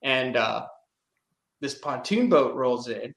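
This man's voice sits at medium pitch, slow and expressive, with a creaky, slightly bright quality. He laughs and rambles through a fishing story on a casual podcast, saying "like" constantly, and there's a roomy echo around him.

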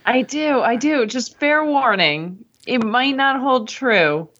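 A woman's voice: sits high, lively intonation, slow, a bit bright. A woman co-hosting a podcast, chatting casually with a teasing, giggly manner. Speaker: podcast co-host. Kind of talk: casual chat. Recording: dull lo-fi audio.

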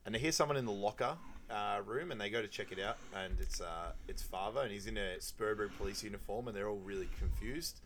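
A man's voice: lowish voice, fast, few pauses, a bit bright, slight background noise. A man casually recapping a comedy film as a podcast co-host, rambling and quoting lines with frequent laughter.

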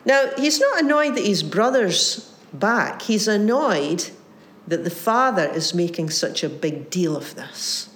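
A woman preaching a sermon, retelling a parable with lively voiced quotes and frequent restarts. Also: medium pitch, unhurried. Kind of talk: sermon storytelling.

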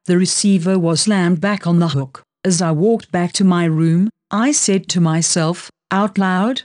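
Low-voiced woman reading an audiobook. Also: measured pace, few pauses, mellow, no echo, clean studio sound. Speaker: audiobook narrator. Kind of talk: first-person audiobook narration.

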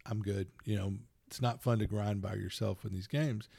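A middle-aged man co-hosting a podcast, telling rambling, animated stories with plenty of laughs. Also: lowish voice, moderate pace, creaky, slightly rough, dry recording, clean studio sound. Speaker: podcast co-host. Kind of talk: casual chat.

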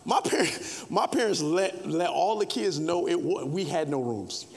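A man preaching a sermon, shifting from conversational asides to playful mock shouting. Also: on the high side, lively intonation, measured pace. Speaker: pastor. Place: church sanctuary. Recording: reverberant hall.

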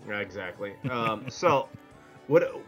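A man's voice: on the low side, expressive, slow pace, bright, forceful tone, soft background music, rough recording. Rambling, jokey middle-aged man. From Connecticut, US. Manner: rambling, jokey, self-interrupting. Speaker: podcast co-host. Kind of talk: casual roundtable chat.

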